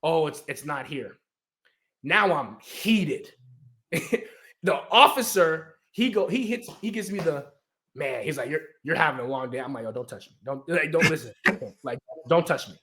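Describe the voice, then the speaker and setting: A young adult man from the United States in casual storytelling chat, animated, acting out quotes and laughing often. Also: a little high, measured pace. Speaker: guest storyteller.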